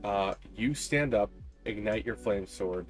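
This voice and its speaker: A man's voice: fairly low pitch, measured pace, faint music behind. A man narrating a tabletop game as game master, describing scenes with frequent ums and uhs.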